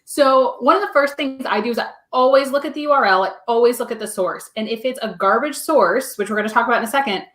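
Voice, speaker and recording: A woman's voice: on the high side, fast, hardly any pauses, fairly bright tone. A woman joining a live stream by video call, explaining things in a matter-of-fact, casual way. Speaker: team member, guest on the stream. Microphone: webcam on a video call. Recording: echoey room over a video call.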